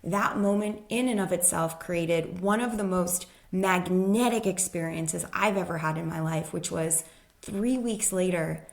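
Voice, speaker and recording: Woman guest on a talk show, chatty and animated, mid-range voice. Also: mid-range voice. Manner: lively storyteller who acts out the people she quotes. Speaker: guest, human design expert. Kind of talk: casual storytelling in conversation.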